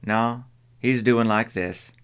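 A man's voice: medium pitch, fairly even intonation, slow pace, fairly bright tone, clear, resonant tone. A man voicing an anxious, earnest young boy with a drawl. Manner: earnest, worried. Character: anxious boy, about twelve.

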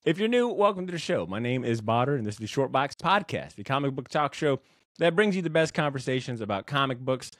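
A man's voice: medium pitch, very animated, quick pace, fairly bright tone, no room sound. A man hosting a comic book podcast in casual, joking, slangy banter. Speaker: podcast host.

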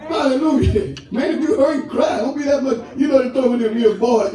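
Man pastor, high animated voice, unhurried sermon delivery, recorded from a distance in an echoey church. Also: a faint crowd. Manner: laughing, storytelling with call-and-response. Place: church sanctuary. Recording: roomy church hall, mic at a distance, congregation audible.

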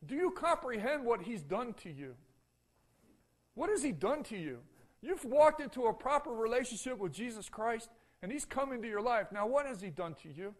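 A man preaching a sermon as pastor in a church, emphatic and full of repeated rhetorical questions to the congregation. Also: high-pitched. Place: church sanctuary.

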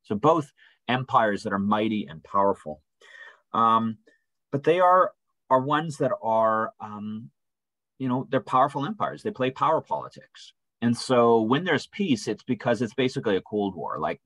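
A man with a slightly husky voice teaches a church Bible study in a relaxed, conversational way. His pitch moves a lot as he acts out the quoted voices. The sound is close and dry. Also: normal speed, no echo, low-quality recording. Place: church room.

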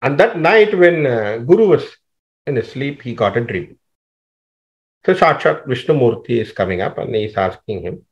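A man teaching scripture through a story, animated and often restarting his sentences. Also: mid-range voice, moderate pace, lo-fi sound. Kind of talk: storytelling explanation.

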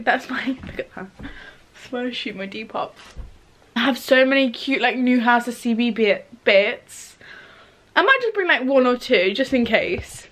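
Young British woman vlogger, high-pitched, rambling and chatty, lots of "like". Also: fairly bright tone. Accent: British English. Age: young adult. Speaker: university student vlogger. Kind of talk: casual vlog chat.

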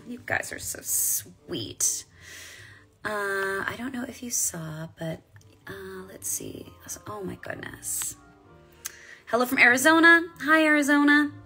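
A woman's voice: lowish voice, pushed and bright. A woman in her forties, a voice actress chatting casually on a live stream while signing autographs and reading fan comments aloud. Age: 40s.

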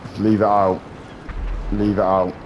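Man, young, lowish voice, excitable gameplay commentary, clear game sounds behind. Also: a little slow, a little hiss or hum. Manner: excitable, swearing, trash-talking other players. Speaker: gaming YouTuber.

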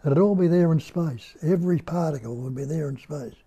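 An older man with an Australian accent, giving a slow, musing spiritual talk at home and putting rhetorical questions to his listeners. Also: a little high, mellow, husky. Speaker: spiritual teacher. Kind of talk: unhurried nondual teaching talk. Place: indoor room at home.

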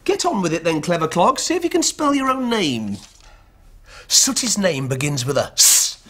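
High-voiced guy hosting a kids puppet show, giggly, fake-cross, swoopy, music under. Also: very animated, normal speed, fairly bright tone, husky. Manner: exasperated, giggly, scolding in a playful way. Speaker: children's TV presenter. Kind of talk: lively scripted banter with puppets.

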